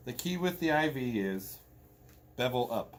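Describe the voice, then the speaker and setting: A man's voice: medium pitch, expressive, unhurried, slight background noise. A man from Indiana teaching a hands-on medical class in a casual, blunt, joking way. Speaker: tactical medicine instructor.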